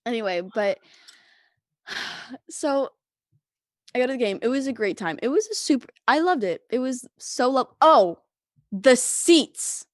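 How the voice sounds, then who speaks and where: Co-hosting a podcast, a young woman tells a long, meandering story in relaxed conversation, leaning heavily on "like" and laughing often. Her voice sits a little high and is expressive, moving at a moderate pace with frequent pauses, and the studio-quality recording has no echo.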